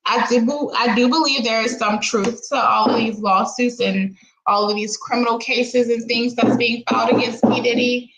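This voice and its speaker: Woman, casual streamer commentary, lively exclamations, echoey room. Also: fairly high pitch, moderate pace. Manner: animated, exclaims 'girl' often, laughs.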